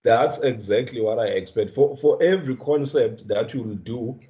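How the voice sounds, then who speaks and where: Speaking at a moderate pace with a warm, medium-pitched voice, this man from the Eastern Cape runs an online class as a guest trainer. His South African accent comes through as he checks in on students and frequently repeats words, all over dull, lo-fi video call audio.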